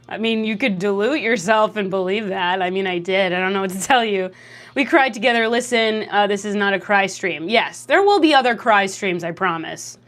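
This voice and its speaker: Lively young woman streamer. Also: normal speed. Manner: lively, jokey, reacts to chat with laughs and big pitch jumps. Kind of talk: casual livestream chat reading comments.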